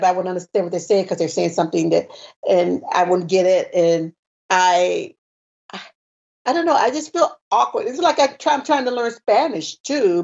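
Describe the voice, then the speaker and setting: A woman's voice: lowish voice, a little mellow, lo-fi sound. A woman in casual conversation, talking hesitantly and trailing off as she searches for words. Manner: hesitant, self-conscious, trailing off. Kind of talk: casual chat.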